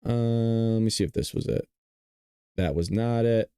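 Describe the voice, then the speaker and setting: A man hosting a political commentary show who talks bluntly, swears, and gets animated. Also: on the low side, measured pace, smooth, dry recording. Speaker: host.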